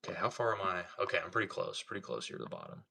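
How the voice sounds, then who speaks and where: Low-pitched and husky, this young Ohio man talks rapid-fire and very animated, his pushed, bright voice full of vocal fry. He chats laid-back on a livestream, reading comments, swearing freely, with a slight country accent.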